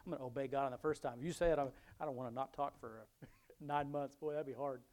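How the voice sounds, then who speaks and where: A middle-aged man preaching at a mid pitch for a man. He reads Bible verses out loud and then drops into relaxed, chuckling asides between them. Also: fast. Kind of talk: Bible reading with commentary.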